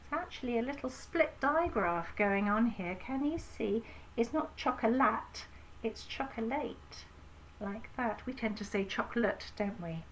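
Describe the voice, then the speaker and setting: A woman with an English accent, an infant school teacher giving a slow phonics lesson to young children, sounding out words clearly. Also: fairly high pitch, slight background noise, rough recording. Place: home, recording a home-learning video.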